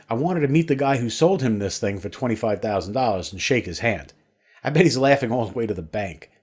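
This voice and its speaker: A man delivering a scripted sales pitch with a lively, bouncing delivery. His voice sits in a middle register and swings up and down often as he tells his story persuasively. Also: breathy edge. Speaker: sales webinar presenter.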